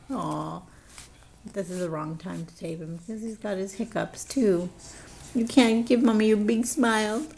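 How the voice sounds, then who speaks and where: A woman with a high, mellow voice coos at her baby in playful baby talk. She draws her words out slowly, in a sing-song lilt. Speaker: mother.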